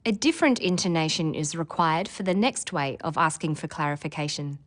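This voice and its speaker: A woman narrating a scripted English lesson, explaining points clearly and at a measured pace. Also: low voice, animated, over music.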